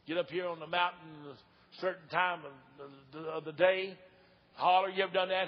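An older man preaching an old-time revival sermon as an evangelist, fervent and folksy, sometimes shouting and hollering. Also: high-pitched, steady tone, moderate pace. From Tennessee. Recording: dull old recording with long hall reverb.

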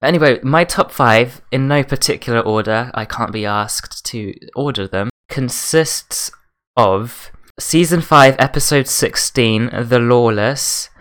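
A young man with an English accent hosts a relaxed podcast chat. His voice is smooth and clear, and he often stammers on the first word of a sentence. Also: medium pitch, a little slow. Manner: stammering, laughs easily. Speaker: podcast host. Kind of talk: casual chat.

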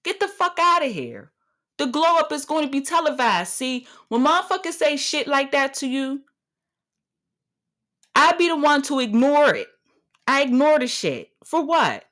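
A woman's voice: sits high, expressive, normal speed, a bit bright. A woman in her thirties hosting a solo podcast, talking in a brash, profane, swaggering way. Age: 30s. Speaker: podcast host.

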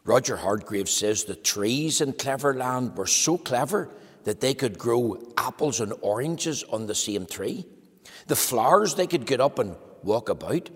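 Animated man telling children a story. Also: a little slow, slightly rough, big-room sound. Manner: animated storytelling, lively pitch. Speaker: preacher.

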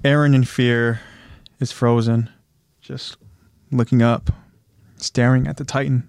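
Excitable man recapping an anime. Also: medium pitch, vocal fry, no room sound, clean studio sound. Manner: animated, quick to jump ahead, loose fillers. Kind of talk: casual recap narration.

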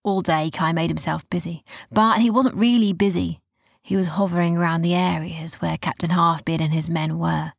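A woman narrating a children's story softly, often dropping to a whisper. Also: lowish voice, steady tone, normal speed, vocal fry, no echo, studio quality.

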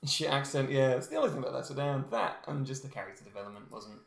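A man's voice: medium pitch, very animated, fast talker, creaky, echoey room, a crowd in the background. A man co-hosting a casual film review chat, joking around and putting on silly voices when he quotes someone. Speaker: podcast co-host.

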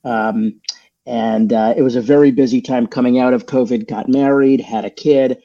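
A man's voice: medium pitch, steady tone, normal speed, warm tone, dull audio. A man, a podcast guest, chatting casually and rambling with many fillers and restarts.

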